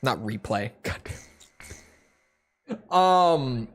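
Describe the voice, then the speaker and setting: A man's voice: mid-range voice, lively intonation, extremely slow. A man chatting casually to his viewers while playing a flight game, rambling and swearing freely. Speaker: gaming streamer. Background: game music and jet engine sounds.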